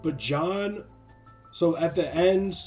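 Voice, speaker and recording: Young man, casual faith chat, animated, laughs a lot, music faint behind. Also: on the high side, takes it slowly. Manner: animated, laughing, acts out voices.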